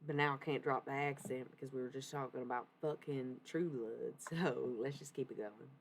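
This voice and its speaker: A low-pitched woman with a gravelly edge, talking casually on a live stream. She rambles and swears freely. A faint hiss is heard underneath. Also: fairly even intonation, normal speed. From Texas, United States. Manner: rambling, loose, profane. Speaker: streamer and spiritual channeler.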